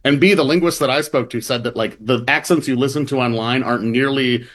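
A man's voice: medium pitch, a little fast, fairly bright tone. Male reporter guest, mid-range voice, loose and chatty, restarts often. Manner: rambling, restarts, acts out quoted voices. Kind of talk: casual interview chat.

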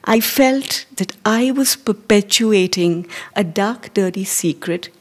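Indian woman, forties, breathy voice, live stage storyteller, measured and hesitant. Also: mid-range voice. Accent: Indian English. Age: 40s. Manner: measured and hesitant, dropping to near-whispers.

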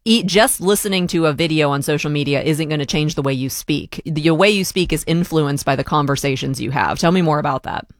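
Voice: medium pitch, brisk, hardly any pauses, dry recording, studio quality. An interviewer asking conversational, prompting questions of a guest. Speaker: radio interviewer.

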